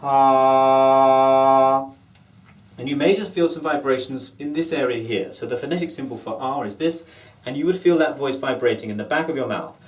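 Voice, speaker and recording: A man's voice: medium pitch, fast talker. Man, standard Southern British accent, accent coach, methodical teaching, demonstrates vowels, echoey room. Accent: Standard Southern British English. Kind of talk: instructional lesson. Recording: roomy echo.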